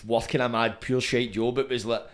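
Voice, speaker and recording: A man's voice: medium pitch, little pitch movement, brisk. A Scottish man hosting a podcast, chatting in slangy, sweary banter and laughing easily. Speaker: podcast host. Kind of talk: casual podcast chat.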